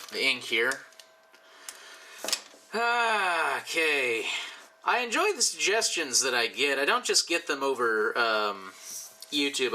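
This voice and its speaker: Drawing commissioned art for his channel, a slightly drunk YouTuber keeps up loose, rambling commentary full of jokes and profanity. His male voice is on the high side and sharp, and the recording quality is low.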